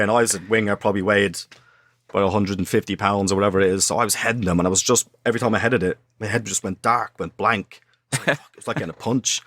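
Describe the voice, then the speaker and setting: Man telling lively football stories. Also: on the low side. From Ireland. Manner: animated anecdotes, acts out quotes, swears. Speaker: former footballer, guest. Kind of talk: casual storytelling. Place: podcast studio.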